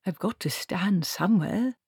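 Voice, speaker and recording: A woman doing a high, fretful nervous wizard. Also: expressive, measured pace, darkish tone, breathy edge, no room sound, clean studio sound, full character voice. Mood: anxious. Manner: timid, fretful, anxious. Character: nervous, fussy, rule-bound male wizard.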